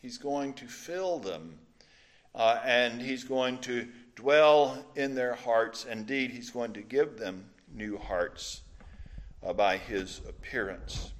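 A middle-aged man from the Mississippi coast with a Mississippi accent, preaching a conversational sermon with folksy stories and filler pauses. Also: medium pitch. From Mississippi Gulf Coast. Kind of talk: sermon teaching with folksy anecdotes.

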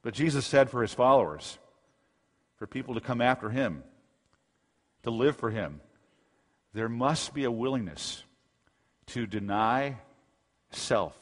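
A man preaching an expository sermon as a pastor, in an emphatic style that swells into loud bursts. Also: mid-range voice, lively intonation, unhurried, long pauses, in a large hall.

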